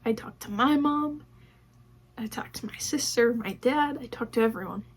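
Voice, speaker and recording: A woman vlogger with a slightly high voice talks at normal speed, telling casual stories about herself. She performs what others said, peppered with "like."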